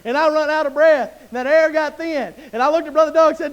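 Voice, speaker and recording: High-voiced Mississippi preacher. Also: male voice, steady tone, fast talker, lo-fi sound. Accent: Southern US, Mississippi. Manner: folksy storytelling with Southern slang. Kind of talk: sermon. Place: church sanctuary.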